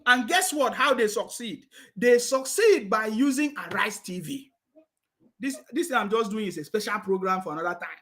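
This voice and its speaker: A man's voice: high-pitched, lively intonation, normal speed, sharp tone. Man, Nigerian accent, sneering, repetitive, scornful political commentary. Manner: sneering, repeats himself, laughs scornfully.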